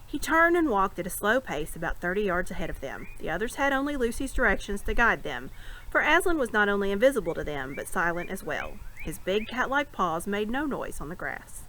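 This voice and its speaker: A woman reads a novel aloud, her voice rising and falling in a lively way. A faint hiss stays under her voice throughout. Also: mid-range voice, brisk, poor audio. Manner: expressive storytelling. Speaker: reader.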